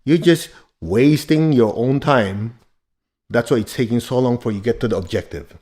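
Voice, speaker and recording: Male spiritual teacher, mid-pitched, blunt motivational talk with jokes and laughs. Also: normal speed, a little mellow. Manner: emphatic, blunt and joking, with bursts of laughter.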